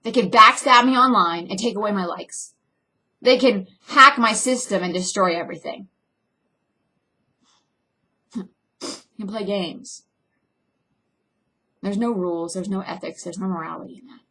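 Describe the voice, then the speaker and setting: A young woman, an actress, speaking bluntly and intensely in an emotional personal vlog monologue, with sudden swings between loud and soft. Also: mid-range voice, measured pace, pauses often. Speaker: actress and filmmaker.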